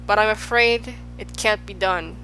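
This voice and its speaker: A woman's voice: medium pitch, unhurried, sharp tone, faint music behind, rough recording. A woman voicing a grand but gloomy king in an audiobook, who gives royal commands and sighs over his troubles. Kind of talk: audiobook character voice.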